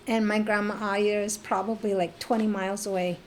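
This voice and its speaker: A middle-aged woman from the Navajo Nation, telling her life story as a podcast guest in a lively, animated way. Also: medium pitch, brisk, a little hiss or hum. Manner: animated storyteller who acts out remembered voices. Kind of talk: personal storytelling in a casual interview.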